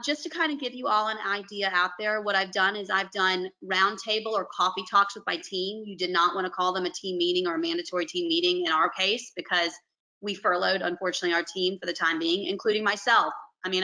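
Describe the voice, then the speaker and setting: A periodontist woman from Alabama, talking earnestly and warmly over a video call on a panel. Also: medium pitch, fairly even intonation, a little fast, rough recording. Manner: earnest, effusive, says "y'all".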